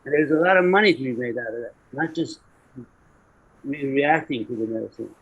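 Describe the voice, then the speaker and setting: A man's voice: medium pitch, brisk, husky. A man speaking as a panelist, opinionated and blunt in his points. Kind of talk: panel discussion. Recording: dull lo-fi audio.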